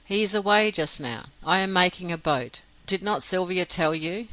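A man reading the part of a proud, jealous young officer in an audiobook, speaking roughly and irritably. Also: sits high, moderate pace, pushed and bright, no room sound, voice pushed up, low-quality recording. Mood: irritable.

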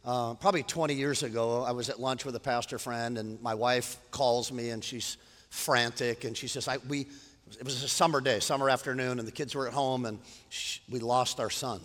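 A man in his fifties preaching a sermon, animated, moving between quiet storytelling and loud preaching. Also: mid-range voice, a little fast, big-room sound. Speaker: pastor.

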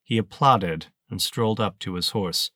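A man with a low voice narrates an audiobook in a steady, measured way. He is recorded close on the mic, and the sound is dry and free of any room echo.

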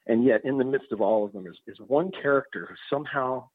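Husky man on a tinny line. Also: medium pitch, quick pace, no room sound. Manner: thoughtful, hesitant, many restarts. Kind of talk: casual conversation. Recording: dry tinny phone-like sound.

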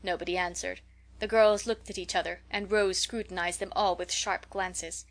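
A woman's voice: on the low side, steady tone, normal speed. A woman reading a classic children's novel aloud as the narrator, lifting her voice for the girls' quoted lines. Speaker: audiobook reader. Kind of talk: scripted narration.

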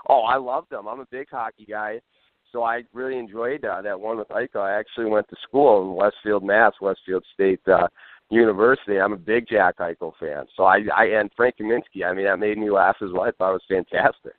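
A friendly, chatty caller with a Detroit accent that leans Canadian. His voice is a bit low. It comes through a dry, tinny phone line. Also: fairly even intonation, fairly quick, no room sound. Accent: Detroit, Canadian-tinged. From Detroit area.

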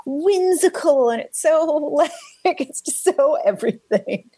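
A woman's voice: sits high, expressive, slow pace, warm tone, no echo. A woman co-hosting a casual podcast chat, talking with lots of "like" fillers and giggly asides. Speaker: podcast co-host.

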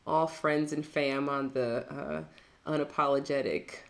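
Low, creaky-voiced woman co-hosting a podcast. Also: steady tone, measured pace. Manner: rambling, filler-heavy, laughs often. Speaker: podcast co-host. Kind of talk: casual chat.

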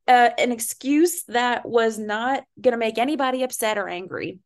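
A young woman co-hosting a podcast, telling a story in casual chat, animated, swearing freely and laughing at herself. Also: mid-range voice, vocal fry. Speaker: podcast co-host.

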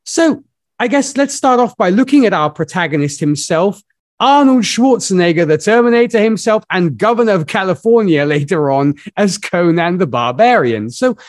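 A man with a slightly raised pitch hosts a relaxed film talk, laughing often and restarting his sentences. His voice sounds dry and close to the mic. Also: moderate pace, no room sound. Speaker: podcast host. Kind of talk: casual film discussion.

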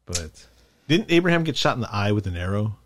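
A man hosting a podcast, chatting in an animated, rambling way. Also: lowish voice, fairly quick. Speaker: podcast host. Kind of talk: casual chat.

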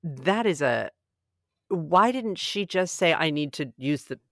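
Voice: mid-range voice, animated, slow, a bit bright, dry recording, clean studio sound. A podcast co-host in casual chat who asks a lot of questions while reacting to a reality show. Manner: quizzical, asks lots of questions.

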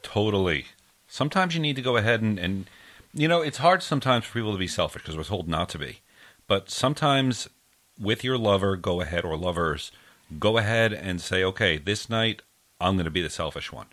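A man's voice: on the low side, lively intonation, fairly quick, a bit bright. A man co-hosting a podcast, talking in a chatty, enthusiastic way. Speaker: podcast co-host. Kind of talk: casual podcast chat.

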